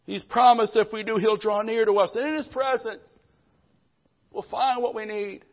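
Fervent high-voiced pastor calling for amens. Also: male voice, fairly even intonation, moderate pace. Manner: fervent preaching, calls for amens. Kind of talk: live church sermon. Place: church service. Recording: dull lo-fi live stream audio.

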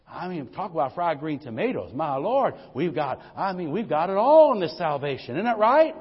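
Preaching from a church sanctuary, a middle-aged pastor delivers a humorous sermon in a somewhat high, husky voice. He leans on folksy storytelling and calls out "amen" often. Long reverb fills the dull, low-fidelity recording.

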